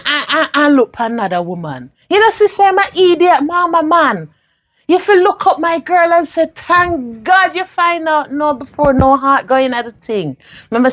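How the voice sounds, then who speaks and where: An actress playing a protective older mother in a Jamaican film, speaking in patois with emphatic, animated delivery. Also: high-pitched. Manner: emphatic, animated, scolding and comforting. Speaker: actor in a film.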